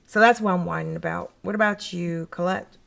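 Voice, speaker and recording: Woman podcast host from Canada, middle-aged, gravelly, lowish voice, loose and chatty. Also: fairly even intonation, a little fast, a bit bright. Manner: chatty, laughs often, many fillers. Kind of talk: casual podcast chat.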